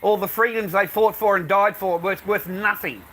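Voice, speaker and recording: A man's voice: sits high, steady tone, moderate pace, pushed and bright. Profane older Australian man ranting. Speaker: vlogger. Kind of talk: rambling casual monologue to camera.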